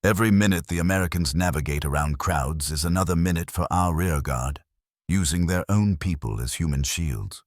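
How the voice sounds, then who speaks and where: A man's voice: deep voice, normal speed, no room sound, clean studio sound. A man voicing a stern, cold German colonel who speaks in clipped threats.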